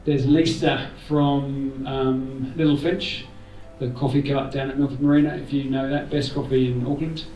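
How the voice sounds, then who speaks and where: A man's voice: mid-range voice, level tone, normal speed, hardly any pauses, warm tone, dull audio, soft background music. A man gives an informal thank-you speech to a gathering, rambling a little with jokey asides. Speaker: event organiser giving thanks. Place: indoor community room. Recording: roomy hall, voice from far off.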